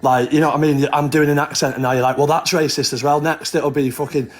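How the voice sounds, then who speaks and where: A man's voice: on the high side, little pitch movement, fast talker. A man calling into a live stream, defending himself in a rambling way with many restarts. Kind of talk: defensive argument.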